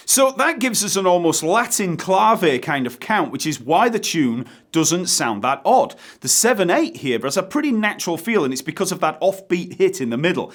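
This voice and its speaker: A man teaching a bass guitar lesson, counting beats aloud and explaining rhythms in a relaxed way. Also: normal speed, hardly any pauses, noisy background. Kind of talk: online music lesson. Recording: bass guitar playing behind the voice.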